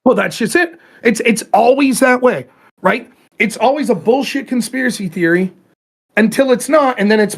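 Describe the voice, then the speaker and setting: A man's voice: very high-pitched, animated, vocal fry. A man hosting his own talk show, ranting heatedly about politics with plenty of swearing and mocking asides. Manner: profane, fired-up, talks in rapid bursts and mimics opponents. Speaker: show host.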